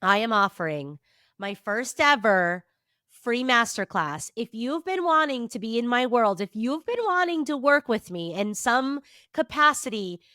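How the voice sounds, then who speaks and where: Speaking at a measured pace with a high, bright, forceful voice and lively intonation, this therapist in her thirties hosts a motivational podcast. The studio recording is dry and clean. Though stuffy and nasal from allergies, she's upbeat, emphatic and casually profane.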